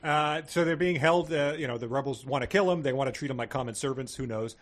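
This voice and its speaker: A man with a husky voice walks through a book's plot on a podcast. He breaks into loud readings of the characters' lines, then drops back into easy chat. His voice sits in a middle pitch. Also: fast. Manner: retells the plot, shouting out quoted lines. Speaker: podcast co-host. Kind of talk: casual chat retelling a book.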